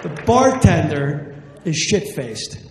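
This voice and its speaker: Jersey guy doing crude standup, kinda high voice, echoey hall. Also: sing-song, takes it slowly, a little mellow, a faint crowd, slight background noise. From New Jersey. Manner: profane, brash. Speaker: stand-up comedian. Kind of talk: stand-up storytelling. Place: live comedy stage.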